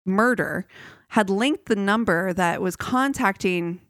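A woman's voice: mid-range voice, a bit bright, no echo, studio quality. A woman co-hosting a podcast, casually retelling a true crime case with fillers and restarts. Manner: loose, halting with fillers and restarts. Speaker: podcast co-host.

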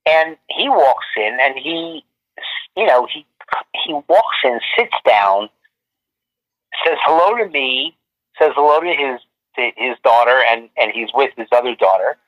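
Heard over a muffled, lo-fi remote call, a photographer guest tells long stories in a casual interview, rambling with many restarts and fillers. His voice is medium-pitched with lively intonation, and he speaks a little slowly.

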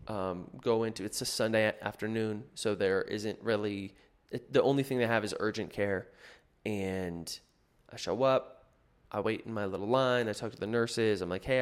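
A man's voice: lowish voice, moderate pace, clean tone. Man telling a rambling personal story. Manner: rambling, filler-heavy, self-correcting.

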